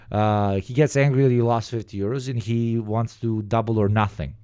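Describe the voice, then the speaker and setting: A man giving casual, profane reaction commentary, telling stories with lots of fillers and animated bursts. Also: fairly low pitch, normal speed, few pauses, smooth, no echo. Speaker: reaction streamer.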